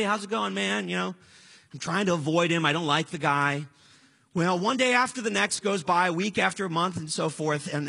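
A man's voice: on the high side, vocal fry, bright, forceful tone, slightly rough. A man in his forties preaching a sermon in a conversational, storytelling way, earnest and direct. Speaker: pastor.

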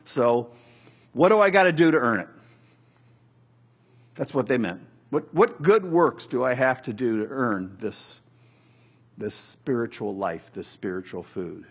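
Middle-aged male pastor, husky voice, casual animated preaching with humor. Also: medium pitch. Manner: conversational, animated preaching with jokes and acted quotes. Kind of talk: sermon.

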